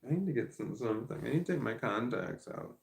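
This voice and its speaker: A man in his forties with a gravelly, creaky voice, rambling candidly on a casual livestream. His pitch sits in an ordinary middle range. The sound rings around an echoey room. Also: expressive, quick pace. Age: 40s. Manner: rambling and candid, thinking aloud. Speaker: streamer.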